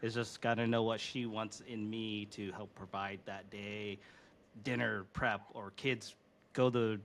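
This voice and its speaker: Guy in his 30s hosting a podcast, rambly with lots of ums, sharp bright tone. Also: on the low side, level tone, a little slow, a little hiss or hum. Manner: rambling, many fillers. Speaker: podcast host. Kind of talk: casual chat.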